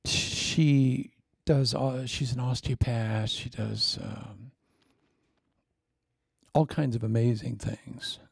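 A middle-aged man preaching a sermon, telling stories in an animated way. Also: medium pitch, slow pace, gravelly, pauses often, breathy edge, no echo, studio quality.

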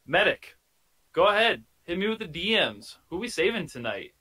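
A man's voice: high-pitched, big pitch swings, moderate pace, pushed and bright, slightly rough, rough recording. A man moderating a party game over a video call, playful and theatrical, drawing out his announcements.

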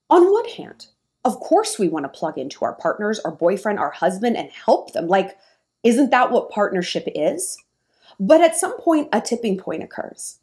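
A woman's voice: medium pitch, darkish tone. A woman vlogger giving frank, opinionated dating advice in an emphatic talk to the camera. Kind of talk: monologue to camera.

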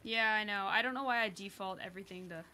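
A woman talks through a livestreamed game in a bright, forward voice, her pitch sitting in a middling range. She chats casually, swears freely and laughs at her own slips. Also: quick pace. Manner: chatty, sweary, self-mocking. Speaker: streamer. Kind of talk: casual gameplay commentary.

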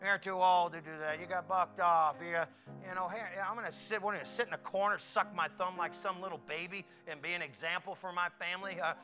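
A middle-aged man preaching a folksy sermon, swinging from quiet asides to loud exclamations. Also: sits high, fairly even intonation, fairly quick, soft background music. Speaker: pastor.

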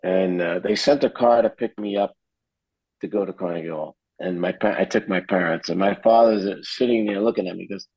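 A man from New Jersey, a guest musician in an interview, telling an animated story and acting out what others said. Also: deep voice, brisk, dry recording, dull audio. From New Jersey, USA. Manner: animated storyteller who acts out quotes.

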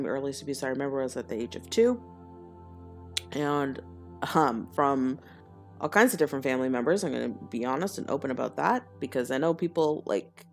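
Woman, deep for her sex, confessional spiritual storyteller, soft music bed. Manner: earnest and confessional, laughs often. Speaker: spiritual teacher. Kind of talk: personal storytelling monologue.

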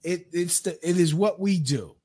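A man's voice: high-pitched, moderate pace, mellow, slightly rough. A man giving a crude, rambling rant, with frequent stammered restarts. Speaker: commentator. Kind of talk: profane rant commentary.

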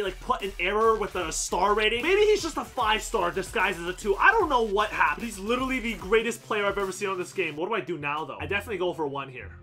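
A man giving casual commentary over his football video game, excitable, swinging from low muttering to yelling at the game. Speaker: gameplay commentator.

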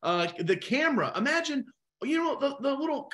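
Animated man coaching a live webinar. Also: very high voice, normal speed. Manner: energetic, animated, talks to the chat.

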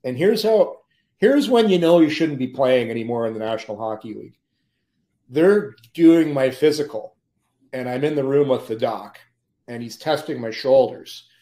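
A man, a former pro hockey player, telling lively anecdotes as a podcast guest and often laughing mid-story. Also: medium pitch, moderate pace. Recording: roomy echo.

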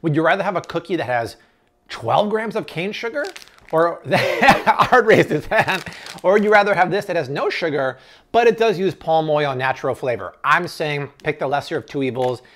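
A man's voice: on the high side, expressive, normal speed, a bit bright. A man in an enthusiastic grocery haul review, exclaiming and tasting products on camera. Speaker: food vlogger.

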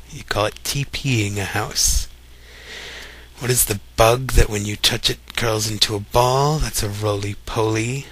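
A young man from Kentucky with a light Kentucky accent, chatting casually and reading a word list aloud for a voice meme. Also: fairly low pitch. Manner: relaxed, chatty, reads words one by one.

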